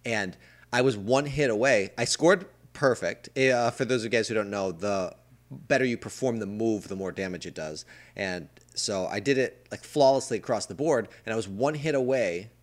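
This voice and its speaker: Lower-voiced enthusiastic man hosting a podcast. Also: moderate pace. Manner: enthusiastic, explains step by step. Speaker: podcast host. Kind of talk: casual podcast chat.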